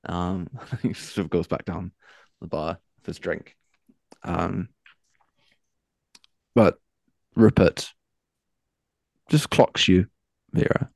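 A man narrating as game master of a tabletop role-play game, in a relaxed, halting way. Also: deep voice, gravelly, dry recording.

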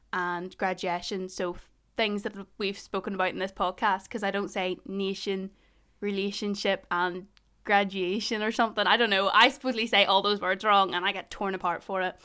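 Bright-voiced woman from Ballymena. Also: medium pitch, smooth. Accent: Northern Irish, Ballymena. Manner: chatty, laughs often, jokey. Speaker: podcast co-host. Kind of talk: casual podcast chat.

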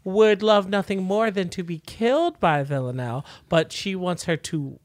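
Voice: medium pitch, normal speed, no echo. A podcast co-host in casual chat, laying out an opinionated take with restarts. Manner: opinionated, building an argument with restarts.

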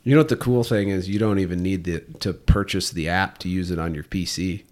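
A man talking casually on a podcast as a fishing guide, relaxed and chatty, with quick bursts and easy laughs. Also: sits low.

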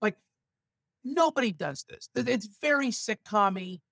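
A male stand-up comedian from Los Angeles, telling stories with animated asides in a casual podcast chat. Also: sits high, measured pace, creaky, no echo. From San Fernando Valley, Los Angeles.

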